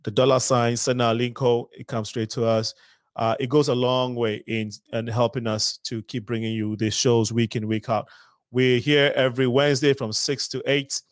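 A man from Ghana hosts a community talk show. He talks in a halting way, restarting phrases and laughing at himself. His voice sits at an ordinary middle pitch. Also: level tone, no room sound, rough recording.

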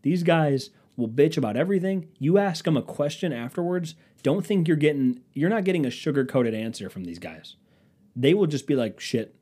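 A man's voice: on the high side, expressive, normal speed, dark tone, husky. A man rambling casually as a podcast host, sarcastic and profane. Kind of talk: casual chat.

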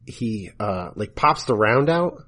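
A man's voice: fairly low pitch, sing-song, slow, a bit bright. A man co-hosting a podcast, explaining in casual chat how police disarm a suspect, and mocking himself. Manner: explains police gun handling, self-mocking. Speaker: podcast co-host. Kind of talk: casual movie commentary chat.

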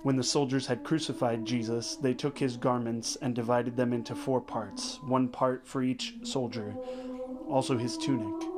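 A man leading the rosary, reading scripture and prayers in a measured, solemn way, phrase by phrase. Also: mid-range voice, fairly even intonation. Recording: voice over clear background music. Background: sacred choral music.

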